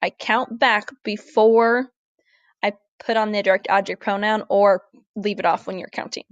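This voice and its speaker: A woman teaches a recorded grammar lesson in a clear, deliberate voice, slowing down to model each word. Her pitch sits in the middle for a woman. The sound is dry and close. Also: steady tone, dry recording, highs cut off. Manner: clear, deliberate, slows down to model Spanish words. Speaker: Spanish teacher. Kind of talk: recorded classroom lesson over slides.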